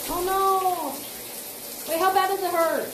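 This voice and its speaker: Giggly high-voiced woman streamer. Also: steady tone, slow, noisy background. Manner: chatty, giggly, giving step-by-step directions. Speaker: streamer host. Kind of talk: casual live-stream chat.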